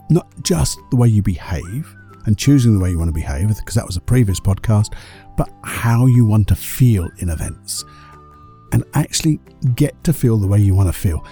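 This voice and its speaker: A man's voice: medium pitch, gravelly, mellow. A man hosting a solo podcast, talking conversationally and asking the listener rhetorical questions. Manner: conversational, asks rhetorical questions, briefly acts out other people's excuses. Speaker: podcast host.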